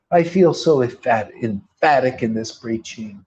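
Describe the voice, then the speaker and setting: A man's voice: medium pitch, animated, a little slow, hardly any pauses, a little mellow. A man preaching a sermon in an emphatic, colloquial style, full of rhetorical questions. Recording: dull lo-fi recording.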